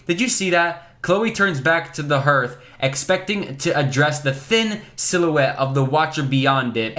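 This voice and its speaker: A man's voice: fairly high pitch, a bit bright. A young man reading a story aloud to viewers, who often swears and stops to joke about the text. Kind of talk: casual story reading with commentary.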